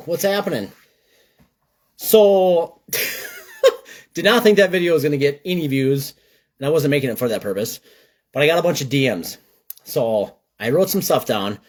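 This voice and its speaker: A man from Minnesota talks straight to the camera in a casual vlog. His speech is blunt and conversational, with an animated, ranting edge. His voice sits at an ordinary middle pitch for a man. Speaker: gutter business owner.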